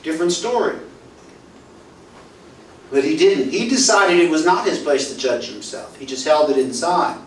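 A male pastor preaching a sermon, telling stories and acting out dialogue, his voice swinging from loud to soft. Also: fairly high pitch, lively intonation, moderate pace, long pauses, a little hiss or hum. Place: church hall. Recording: roomy echo, voice from far off, faint ambience.

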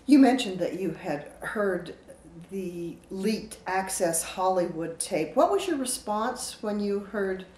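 A woman interviewer asking measured, direct questions, heard from a distance. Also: medium pitch, expressive, a little mellow. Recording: echoey, distant mic, faint noise.

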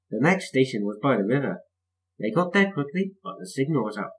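A man narrates a children's railway storybook with lively, expressive delivery. His voice sits at an ordinary middle pitch for a man. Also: fairly quick, low-quality recording. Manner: lively, expressive read-aloud. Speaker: storybook reader. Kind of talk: storybook reading.

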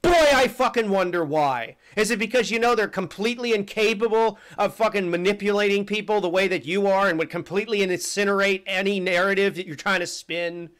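A man streaming live, reacting to a statement with a profane, shouting rant. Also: high-pitched, little pitch movement, a little fast, few pauses, smooth. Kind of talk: angry live-stream commentary.

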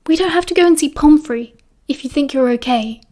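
A woman with a British accent voicing a caring teenage schoolboy who talks gently and coaxingly in an audiobook. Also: high voice, brisk, natural voice. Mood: concerned.

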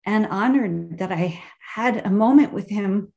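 Heard on a video call, a woman with a medium pitch, a touch of vocal fry, and a slightly mellow quality shares a heartfelt memory at a memorial gathering, pausing often as she searches for words.

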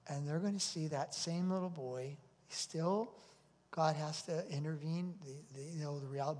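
A man's voice: a little high, a little mellow. A male pastor preaching a sermon to his congregation, earnest and anecdotal. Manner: storytelling, earnest, repeats himself. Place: church sanctuary. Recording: long hall reverb.

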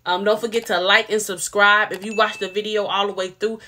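A woman's voice: medium pitch, a little fast, hardly any pauses, pushed and bright, a little hiss or hum. A woman reviewing a TV show in a casual, blunt and opinionated way, talking straight to her viewers. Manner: chatty, addresses viewers directly.

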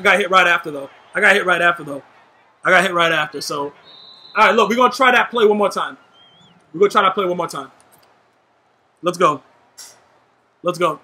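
A young man giving live gameplay commentary, trash-talking and shouting at his teammates in a hyped way. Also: high-pitched, moderate pace, pauses often. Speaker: gaming YouTuber.

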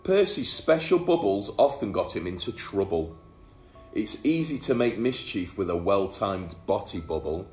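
A man reads a rhyming bedtime story aloud with a playful touch, his voice on the lower side and unhurried. The room has a clear echo, and music plays faintly behind him. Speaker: teacher reading aloud. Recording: echoey room.

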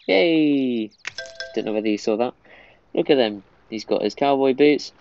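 A man's voice: medium pitch, a little slow, vocal fry, a little mellow, muffled recording, faint music behind. A man giving casual, easily amused commentary while playing a mobile game.

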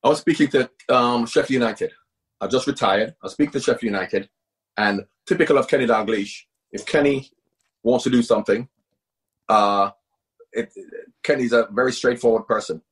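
Male interview guest, very husky, animated storyteller who hammers his points. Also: medium pitch, normal speed. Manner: emphatic, repeats himself, animated. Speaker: guest, former footballer and coach. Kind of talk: conversational interview.

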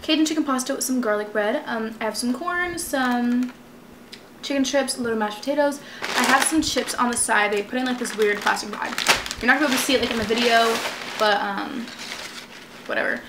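A woman's voice: a little high, a little fast. A young woman vlogging while she eats at home, chatting casually and filling her talk with "like" and "literally". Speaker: mukbang vlogger. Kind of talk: casual eating chat to camera. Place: room at home. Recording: echoey room with background noise. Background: household noise.

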